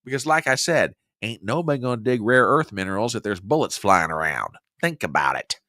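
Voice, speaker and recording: A man's voice: medium pitch, lively intonation, fairly quick, pushed and bright, dry recording, clean studio sound. A male political commentary host delivering combative, sarcastic news commentary, saying he gets worked up.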